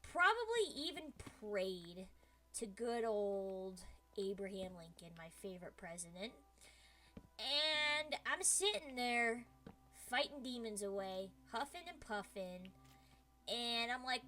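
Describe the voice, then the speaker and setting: A young woman streamer spins a dramatic story in casual, slang-heavy chat. Her voice is bright and a little high, and her retelling is animated. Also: slow pace, faint music behind.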